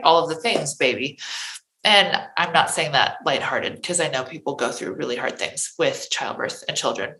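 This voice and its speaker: Woman podcast host, casual and chatty, bright edge, echoey room. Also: deep voice. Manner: chatty, tags lines with "like" and "right?". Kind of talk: casual interview chat.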